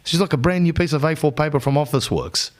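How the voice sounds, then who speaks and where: Australian male podcast host, comic storyteller, slangy and rambling, lively swinging pitch. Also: quick pace. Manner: animated, slips into characters' voices. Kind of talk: comedic storytelling monologue.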